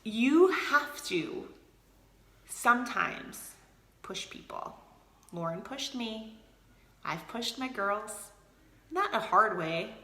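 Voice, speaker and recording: Woman, motivational team leader, live video chat. Bright, peppy tone, noticeable room echo. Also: on the high side, takes it slowly, pauses often. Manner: energetic, motivational, talks to viewers by name. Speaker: team leader of a direct sales group.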